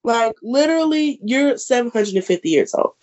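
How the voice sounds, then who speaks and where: A woman's voice: a little high, animated, moderate pace, a little mellow, dull audio. A woman co-hosting a casual church-talk podcast, talking freely with lots of "like" and "um". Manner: talkative, frequent "like" and "um" fillers. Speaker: podcast co-host.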